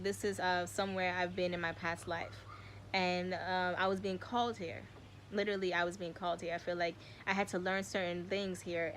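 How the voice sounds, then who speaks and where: A woman's voice: medium pitch, fairly bright tone, a little hiss or hum. A woman in her twenties talking casually to her viewers, rambling and emotional, full of "like" and "y'all", close to tears at times. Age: 20s. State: tearful. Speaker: vlogger. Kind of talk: casual spiritual chat to viewers.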